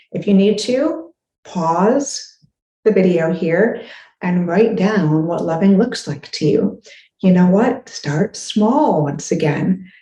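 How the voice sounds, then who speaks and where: A woman's voice: medium pitch, dark tone, reverberant, rough recording. A woman parenting coach giving encouraging advice straight to the listener. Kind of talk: direct-to-camera advice talk.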